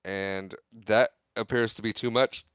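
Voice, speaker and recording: Podcast guy recapping a movie, smooth clear voice, laughs a lot, acts out the lines, dry close sound. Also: on the low side, fairly even intonation, dry recording. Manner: retells scenes with quick quoted voices, laughs often. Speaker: podcast co-host. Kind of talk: casual movie recap chat.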